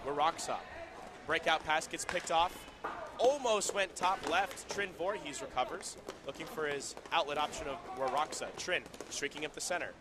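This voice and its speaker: A man giving casual, chatty play-by-play commentary at an indoor roller hockey rink, with quick bursts of excitement. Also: fairly high pitch, background noise. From Southern California.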